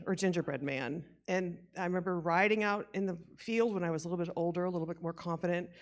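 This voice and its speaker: A woman giving a rambling, self-deprecating eulogy at a church memorial, laughing often as she shares memories of her aunt. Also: on the low side. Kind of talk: informal memorial tribute.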